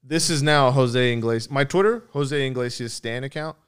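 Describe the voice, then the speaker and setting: A man's voice: medium pitch, normal speed, a bit bright, clear, resonant tone. A young man co-hosting a sports podcast, joking and slangy, swearing in loose banter with friends. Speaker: podcast co-host.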